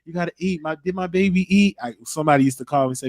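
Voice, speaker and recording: A high-pitched man hosts a casual livestream chat, talking very fast. He rambles bluntly and curses freely, and his voice sounds dry and close with no room echo.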